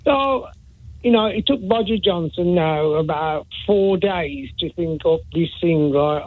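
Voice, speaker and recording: A man's voice: sits high, measured pace. A man calling in to a radio phone-in, talking in a chatty way and often checking agreement with "right?". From England. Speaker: caller. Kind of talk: phone-in call. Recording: tinny phone line.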